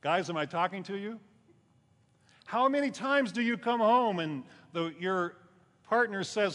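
A man's voice: measured pace, fairly bright tone. Preaching man in a reverberant hall. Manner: conversational preaching, rising for emphasis then dropping low. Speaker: pastor. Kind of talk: sermon.

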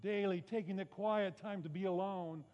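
A man's voice: sits high, steady tone, moderate pace, a little mellow. A man preaching a sermon, talking conversationally with rhetorical questions and self-deprecating asides. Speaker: pastor. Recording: muffled sound with long reverb in a large hall.

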